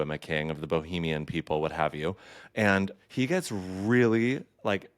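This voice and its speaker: Podcast host, man in his thirties, campy and caffeinated, deep smooth voice. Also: no echo, studio quality. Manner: chatty and playful, with campy asides. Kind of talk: casual solo podcast chat.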